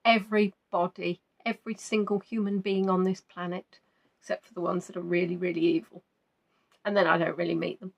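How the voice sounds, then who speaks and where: A woman's voice: lowish voice, level tone, brisk, creaky, highs cut off. A woman hosting a live quiz, reading out viewers' answers in a chatty, playful way and musing between questions. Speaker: quiz host.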